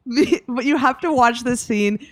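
A woman co-hosting a podcast, recapping a TV episode in casual chat with wry, deadpan asides. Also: fairly high pitch, moderate pace, dry recording, clean studio sound. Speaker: podcast co-host.

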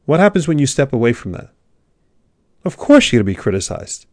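A man's voice: mid-range voice, big pitch swings, a little fast, no echo. Intense motivational man, dry close sound. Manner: preachy, swings from loud urging to hushed near-whisper. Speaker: motivational speaker. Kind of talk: motivational monologue.

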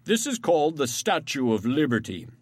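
An actor playing a smug, self-assured male island official who explains things calmly and formally in an audio drama. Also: a little high, moderate pace, breathy edge, no room sound.

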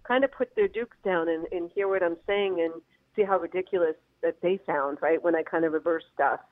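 A woman's voice: on the low side, brisk, no room sound. A woman comedian calling into an interview, rambling with lots of fillers and frequent laughs. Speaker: comedian guest. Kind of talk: phone-in interview. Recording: tinny phone line.

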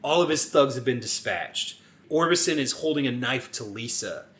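A man co-hosting a podcast in casual chat, animated and swearing as he acts out lines from a movie. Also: medium pitch, normal speed, reverberant. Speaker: podcast co-host.

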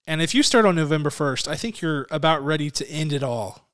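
A man's voice: fairly high pitch, expressive, a little fast, a bit bright. A man in his thirties co-hosting a podcast in casual chat, chatty and self-deprecating, laughing often. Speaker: podcast co-host.

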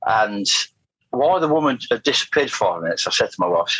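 A man's voice: on the low side, expressive, fast talker, a bit bright, breathy edge, dry recording, low-quality recording. A middle-aged man, telling his story as an interview guest in a rambling way. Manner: rambling, anecdotal, frequent restarts and fillers. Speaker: guest, motorcycle test rider.

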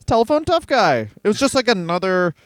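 A man in his thirties co-hosting a comedy podcast from his garage, telling stories in an animated way and acting out the people in them. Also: high voice, a little fast, no echo. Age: 30s. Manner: animated storyteller doing voices. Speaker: podcast co-host. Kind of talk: casual comedic storytelling.

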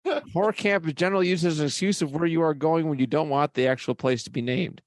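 A man co-hosting a comedy podcast, chatting casually and reading out crude jokes in a deadpan way. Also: fairly high pitch, fast, no echo, clean studio sound. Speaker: podcast co-host.

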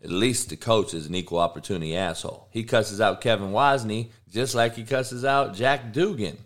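A man's voice: lowish voice, normal speed, fairly bright tone. A middle-aged man hosting a live show, a football coach who rants and trash-talks with constant swearing. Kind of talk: profane live-stream rant.

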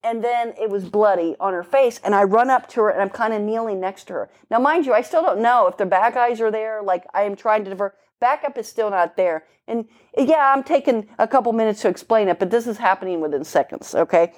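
A woman's voice: mid-range voice, brisk, hardly any pauses. A middle-aged woman, a police officer, telling a story in an easy conversational way. She talks bluntly and emphatically, throws in casual swearing, and paints each moment vividly.

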